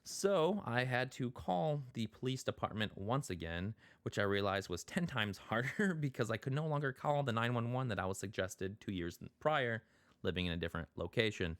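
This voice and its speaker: A man's voice: on the low side, no room sound, clean studio sound. A man telling a rambling, exasperated personal story in a casual vlog, full of fillers. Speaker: vlogger.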